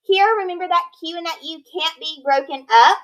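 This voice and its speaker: A woman teacher leading a phonics lesson, sounding out words slowly and clearly, patient and encouraging. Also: very high-pitched, rough recording. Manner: slow, clear modeling of words.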